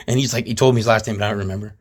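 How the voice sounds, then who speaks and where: A man's voice: fairly low pitch, steady tone, very fast. A man telling a workplace story in a rambling, profane and indignant way, talking straight to his listeners. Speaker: channel host recounting a workplace incident. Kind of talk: casual storytelling to camera.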